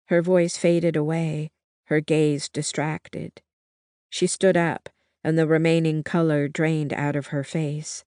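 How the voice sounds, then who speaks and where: Measured audiobook narrator, unhurried, dry close sound. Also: mid-range voice, little pitch movement, darkish tone, smooth, dry recording. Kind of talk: first-person novel narration.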